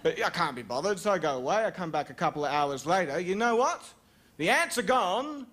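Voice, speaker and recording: A man's voice: expressive, quick pace, fairly bright tone. A young Australian man telling a rambling, self-mocking story on stage as a stand-up comedian. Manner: rambling, self-mocking storytelling with sudden high-pitched jumps.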